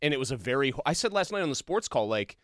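A man's voice: mid-range voice, very animated, quick pace, a bit bright, dry recording, studio quality. A man co-hosting a casual sports talk show, blunt and sarcastic in his opinions. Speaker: sports podcast co-host.

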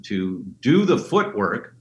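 Animated man telling stories in a roomy space. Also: slow, dull audio. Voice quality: animated, breaks into high voices for quoted people. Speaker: guest. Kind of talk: enthusiastic storytelling in an interview. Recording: roomy remote line with faint noise.

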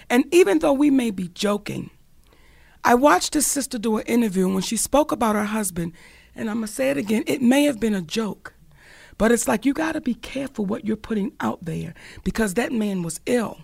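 A woman hosting a call-in radio show, her voice gravelly with fry, recorded close and dry on a studio mic. She talks candidly and bluntly, cursing freely as she preaches her point to listeners. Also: a little high, lively intonation, normal speed, darkish tone, no room sound. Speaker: radio talk show host.

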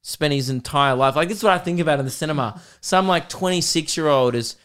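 A man's voice: a little high, quick pace, a bit bright, clean tone. A young man hosting a comedy podcast, ranting with self-mocking humor and lots of swearing. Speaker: podcast host. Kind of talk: casual comedic rant.

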